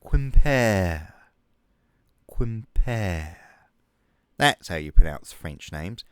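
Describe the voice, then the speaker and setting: A man rants in mock outrage, swearing freely. His voice is smooth and clear, recorded close and dry, and he talks slowly with lively swings in pitch. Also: no echo. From New Zealand. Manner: mocking, exasperated, swears a lot. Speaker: comedic youtuber. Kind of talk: comedic rant over a map.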